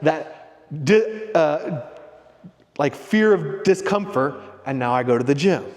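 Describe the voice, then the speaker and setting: A middle-aged man giving a casual motivational talk, his voice a touch higher than most men's. He rambles and restarts, checking in with listeners as he goes. The sound carries a long reverb, as if recorded in a big hall. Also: a little mellow. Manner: rambling, coaching tone with frequent "right?" and "okay?". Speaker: host of a leadership discussion group.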